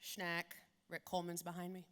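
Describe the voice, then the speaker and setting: Woman, 40s, keynote storyteller, bright forceful tone, punchy and profane. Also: fairly low pitch, moderate pace. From South Philadelphia. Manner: animated, blunt and profane. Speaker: keynote speaker.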